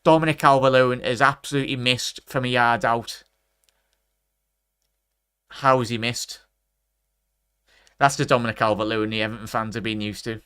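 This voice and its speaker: Scouse streamer in his thirties, smooth voice, dry close mic, chatty football reactions. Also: mid-range voice, no echo. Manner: chatty, bursts into excited shouts at chances; talks straight to his chat. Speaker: watchalong streamer. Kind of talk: live football watchalong commentary.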